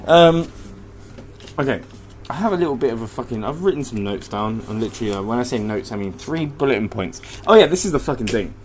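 A man's voice: medium pitch, expressive, a little fast, slight background noise. A young man hosting a solo podcast from home, ranting in a profane, rambling, heated way. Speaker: podcast host. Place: room at home.

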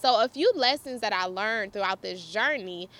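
A woman's voice: mid-range voice, animated, normal speed, fairly bright tone. A young woman vlogger telling a personal story in a casual, chatty way, laughing often and talking straight to her viewers.

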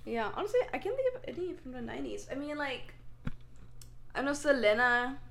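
A bright, high-pitched young woman in her twenties, chatting casually as a podcast co-host. Her voice swoops up and down as she giggles, exclaims and drops the odd swear. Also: big pitch swings, a little fast, creaky, a little hiss or hum. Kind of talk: casual chat.

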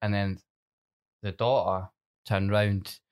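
Soft-spoken Scottish man, lowish voice. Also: level tone, clear, resonant tone. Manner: soft-spoken, halting, frequent laughs. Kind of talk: casual chat, storytelling.

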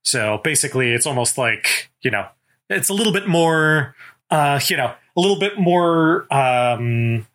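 A man co-hosting a casual book discussion, reading passages aloud and explaining them in a thoughtful, measured way. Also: on the high side, expressive, fairly bright tone. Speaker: podcast co-host.

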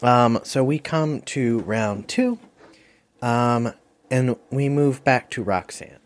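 A man hosting a movie review game, talking casually and rambling with many fillers. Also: medium pitch. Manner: rambling, lots of fillers and quick asides. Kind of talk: casual chat.

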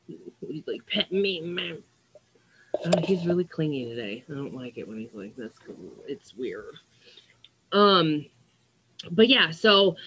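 A woman's voice: fairly low pitch, a bit bright. Rambling young woman vlogging. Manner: rambling, with frequent "like" and "um" fillers. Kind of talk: casual diary-style vlog monologue.

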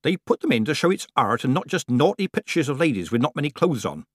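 A man's voice: mid-range voice, big pitch swings, fast, breathy edge, no room sound, voice pushed up. A man voicing a cheerful, earthy old witch woman who chats in a jolly, bawdy way.

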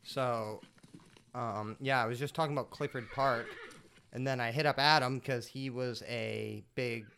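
A man's voice: mid-range voice, fairly even intonation, unhurried, creaky, a bit bright, clear, resonant tone. Rambling, foul-mouthed man on a podcast. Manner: rambling, heavy swearing, lots of filler words. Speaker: podcast host. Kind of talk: casual storytelling.

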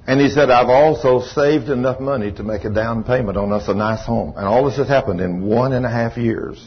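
A pastor preaches a sermon as an animated storyteller, laughing as he goes and using folksy Southern phrasing. His medium-pitched voice is brisk, and the recording sounds muffled.

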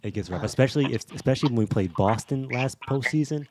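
A man's voice: mid-range voice, expressive, fast talker, noisy background. A man co-hosting a podcast in casual chat, often stammering and turning dryly mock-serious. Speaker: podcast co-host.

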